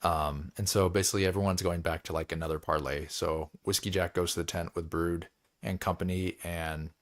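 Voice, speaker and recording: A man's voice: low-pitched, fairly even intonation, fairly quick. A man hosting a book club, recapping chapters in a loose, rambling way, with lots of filler words and frequent laughs.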